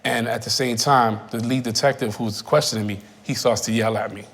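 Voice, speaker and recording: A man in his thirties giving personal testimony in a reflective, halting way, often repeating phrases. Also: mid-range voice, fairly even intonation, fairly bright tone. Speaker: interviewee. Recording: reverberant room.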